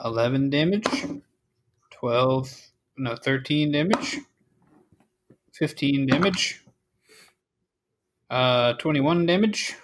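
A man narrating a tabletop game as game master, relaxed and full of fillers. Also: mid-range voice, a little hiss or hum.

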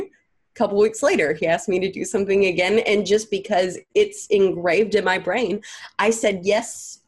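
A young woman with a light Southern accent, speaking as a guest in a relaxed interview. She tells stories with ease and slips into the voices of the people she describes. Her voice sits at a middle pitch. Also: normal speed, breathy edge. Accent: light Southern American. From American South. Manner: storytelling, acts out quoted people. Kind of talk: casual interview chat.

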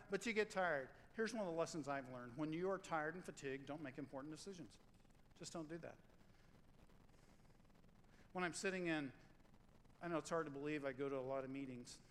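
A middle-aged man preaching a sermon as pastor, lively and joking, repeating lines for emphasis. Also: on the high side. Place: church sanctuary. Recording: long hall reverb, faint room noise.

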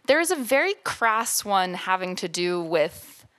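A woman's voice: medium pitch, big pitch swings, unhurried, fairly bright tone. A woman co-hosting a podcast, chatting casually at a desk mic, teasing her co-host and laughing often. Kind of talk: casual chat.

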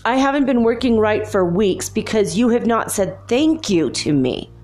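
A woman voicing a self-pitying household toilet that complains slowly and pleads for gratitude. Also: fairly high pitch, big pitch swings, darkish tone, soft background music. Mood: aggrieved.

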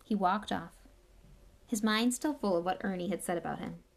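Female audiobook narrator, steady and even. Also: mid-range voice, normal speed, vocal fry. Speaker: audiobook reader. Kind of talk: storybook narration.

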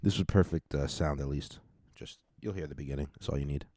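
A man's voice: extremely low pitch, fairly quick, warm tone, no echo, clean studio sound. A man hosting his own podcast, rambling casually with lots of swearing and jokes. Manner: rambling, profane, joking. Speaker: podcast host. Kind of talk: casual solo podcast chat.

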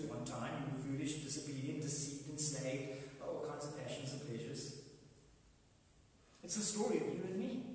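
A man preaching a sermon as a pastor, conversational and animated, acting out the voices he quotes. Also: high voice. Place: church. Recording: echoey church hall from far off.

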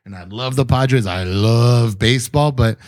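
A man's voice: mid-range voice, a little slow, a little mellow, dry recording, studio quality. A man chatting casually on a podcast in an easygoing, agreeable way, often offering advice. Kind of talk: casual chat.

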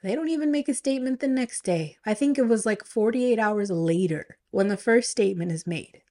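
A woman's voice: medium pitch, brisk, mellow. A woman hosting a podcast, telling a story casually rhetorical questions and a chatty, conspiratorial manner. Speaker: podcast host.

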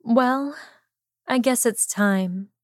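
An earnest, defensive young woman lover from a read-aloud romance story, put on by a woman narrator. She speaks slowly, her voice lifted higher when she pleads, recorded close and dry. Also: no echo, soft background music. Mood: playful. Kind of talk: audiobook reading of fan fiction.

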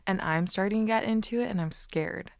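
A woman's voice: mid-range voice, brisk, clean tone, no echo, studio quality. Bubbly, giggly young woman co-host. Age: young adult. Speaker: podcast co-host. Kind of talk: casual chat with a friend.

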